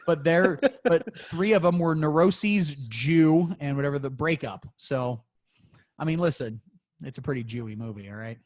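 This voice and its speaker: A man's voice: fairly high pitch, normal speed. A man co-hosting a crude comedy podcast and running a movie quiz, talking in a playful, teasing, mock-boastful way.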